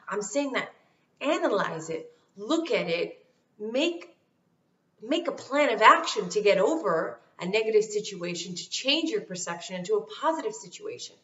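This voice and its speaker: A woman vlogger talking casually to camera with motivational life advice, emphatic and repeating her key phrases. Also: fairly high pitch. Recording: roomy, distant, dull sound.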